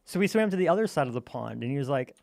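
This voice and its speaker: A man's voice: mid-range voice, sing-song, very fast, creaky, darkish tone, no room sound. Playful man telling a goofy story. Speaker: gamer telling a campfire story. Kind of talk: casual gaming chat.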